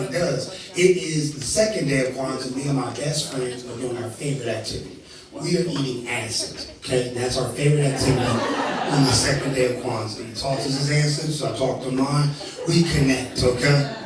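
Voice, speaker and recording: A man's voice: mid-range voice, steady tone, brisk. Male stand-up comic from Indiana, profane and self-deprecating, recorded live from a distance. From Indiana, USA. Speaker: stand-up comedian. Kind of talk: live stand-up comedy set. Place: live comedy venue. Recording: echoey venue from far off with crowd.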